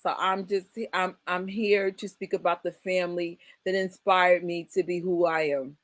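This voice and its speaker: Forties woman hosting a chat, animated and emphatic, lots of laughing, dry mic. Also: on the low side, moderate pace, dry recording. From United States. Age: 40s. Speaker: host. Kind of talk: casual chat.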